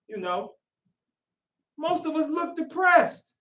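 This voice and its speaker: A man delivers a lively sermon in a worship hall, slipping into the voices of the people he describes and sometimes raising his voice to a shout. His voice rings through an echoing room and is heard from some way off the mic. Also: sits high, normal speed, pauses often, slight background noise. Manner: animated, acts out congregants in quoted voices, shouting at times. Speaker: preacher. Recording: echoey room, voice from a distance.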